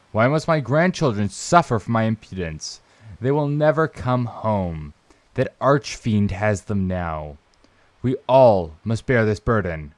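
A man voicing a remorseful old grandmother confessing in a letter, read slowly and loudly in a vague put-on accent. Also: medium pitch, dry recording, close to an everyday voice. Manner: slow, loud, theatrical reading in a vague put-on accent.

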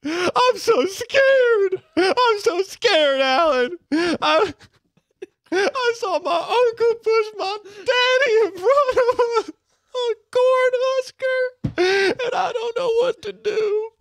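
A man's voice: high voice, lively intonation, normal speed, a bit bright, clean tone, no room sound. A man voicing a whiny young male corn farmer, wailing and sobbing with his voice cracking. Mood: sobbing, pleading. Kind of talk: improvised comedic monologue.

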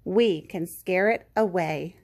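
A woman's voice: fairly low pitch, takes it slowly, a little mellow, voice pushed down. Woman voicing a nervous storybook goose. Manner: nervous, anxious. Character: timid male goose in superhero cape.

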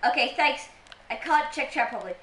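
A woman's voice: high voice, expressive, a little fast, a bit bright. A young woman streaming a game, chatting casually with a playful, teasing manner and frequent laughter. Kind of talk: casual gaming livestream chat. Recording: roomy room sound with faint noise.

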